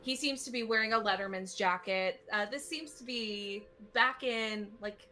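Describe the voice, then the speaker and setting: A woman's voice: mid-range voice, moderate pace, sharp tone. A woman narrating as game master of a tabletop game, describing scenes in a chatty way with many fillers.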